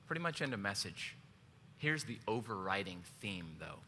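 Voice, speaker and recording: A man's voice: fairly low pitch, big pitch swings, moderate pace, pushed and bright. A male pastor preaching a sermon in a church, joking, telling a personal story and asking the congregation questions. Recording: long hall reverb, faint background noise.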